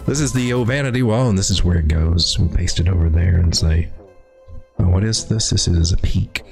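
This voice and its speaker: A man's voice: sits low, normal speed, creaky, a little mellow, faint music behind. A man hosting a live crypto stream, talking through charts in a folksy, rambling way with lots of restarts. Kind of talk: casual live market commentary.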